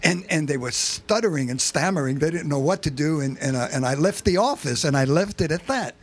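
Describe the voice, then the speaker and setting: An older man, a guest in an interview, telling a long story in a casual, animated way with frequent restarts. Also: on the high side, brisk. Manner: animated anecdotes, many restarts. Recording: faint background noise.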